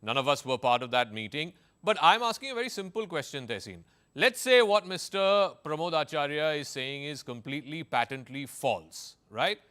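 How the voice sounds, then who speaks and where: A man's voice: on the high side, big pitch swings, fairly bright tone. A man with an Indian accent anchoring a televised political debate, pressing his guests with pointed questions. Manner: pointed, rapid-fire questioning. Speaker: news anchor.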